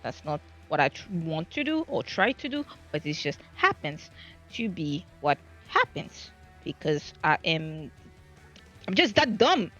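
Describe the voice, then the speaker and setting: A woman's voice: low-pitched, sing-song, unhurried, a bit bright, soft background music. A woman streamer from the French Caribbean with a French Caribbean Creole accent, chatting casually in a rambling, self-deprecating way with many restarts. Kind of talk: casual chat. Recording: dull lo-fi stream audio.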